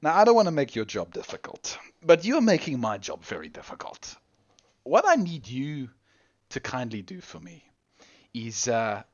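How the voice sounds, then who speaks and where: Man voicing a harried naval dock officer, exasperated, lively pitch. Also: normal speed, lo-fi sound. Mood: pleading. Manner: exasperated, rambling and apologetic.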